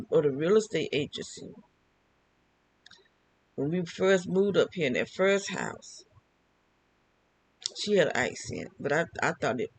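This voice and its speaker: A man's voice: a little high, no room sound, low-quality recording. An older man talking alone to camera, rambling and often repeating and restarting his phrases. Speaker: vlogger. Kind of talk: casual monologue.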